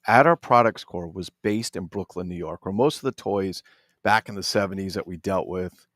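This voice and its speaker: A man from New Jersey chatting casually about his toy collection, animated and swearing freely with jokey asides. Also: low-pitched, normal speed, dry recording, studio quality. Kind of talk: casual unboxing chat.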